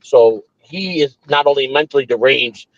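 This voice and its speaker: A man's voice: medium pitch, moderate pace, lo-fi sound. A man hosting a morning show, telling a long story in casual, profane, rambling talk with frequent restarts. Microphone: streaming setup.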